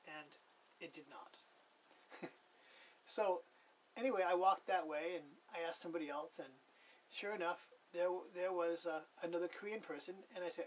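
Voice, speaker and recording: A man with a high voice tells a personal story in a loose, chatty way, stopping to fix his own slips and chuckling along. He sounds set back from the microphone. The recording is dull and muffled, with faint background hiss. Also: steady tone, normal speed, pauses often, recorded from a distance. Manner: rambling, corrects himself, chuckles often. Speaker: personal testimony speaker.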